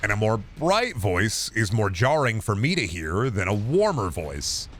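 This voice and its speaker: A man in his thirties with a deep voice, chatting casually on a stream into a boom mic, rambling with many restarts and casual swearing. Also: very animated, a little slow, fairly bright tone, slight background noise. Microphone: boom microphone with compressor and EQ.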